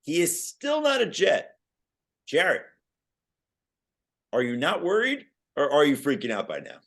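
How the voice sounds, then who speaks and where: Lively young man hosting sports chat. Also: on the high side, a little slow. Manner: lively, quizzing his co-host. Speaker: podcast co-host.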